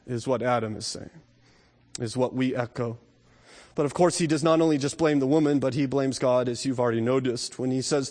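Preacher in a reverberant hall. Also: male voice, steady tone. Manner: rises to loud emphatic peaks, then drops low and slow; acts out quoted excuses in a muttering voice. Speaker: pastor. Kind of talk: sermon. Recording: long reverb of a large hall.

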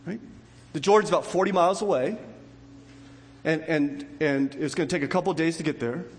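A man preaching a sermon in a church, telling a story with acted quotes and his voice swinging high and low. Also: a little fast. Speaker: pastor. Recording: long hall reverb.

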